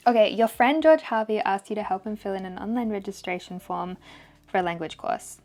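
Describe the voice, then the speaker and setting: A young woman vlogging as she takes a language test, thinking aloud and sounding out foreign words slowly. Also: mid-range voice, a little mellow, faint music behind. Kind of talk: casual vlog commentary.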